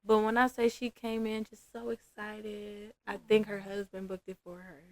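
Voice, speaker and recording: A chatty woman tells work stories on a podcast. Her pitch sits in a middling range, and she slips into her clients' voices as she retells what they said. The tone is casual and easygoing throughout. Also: level tone, normal speed. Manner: chatty storyteller, acts out clients' lines. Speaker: massage therapist guest.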